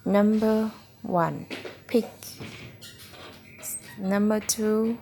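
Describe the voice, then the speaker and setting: A woman reads a children's phonics lesson aloud at a very slow, careful pace, sounding out each word. Her voice has a gravelly, creaky edge. She paces it like a patient tutor working through the book with a child. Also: medium pitch, steady tone, mellow, slight background noise. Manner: slow, deliberate word-by-word reading. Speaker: reading tutor.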